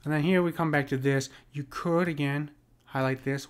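A man teaching a casual lesson on poetic meter, talking conversationally, often checking in with his listeners and slowing down to read verse aloud. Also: on the high side, fairly even intonation, clean tone.

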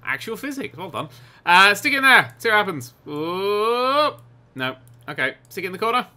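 A young man giving excitable, giggly let's play commentary on a game, with sarcastic asides. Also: high voice, fast talker. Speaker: gaming YouTuber.

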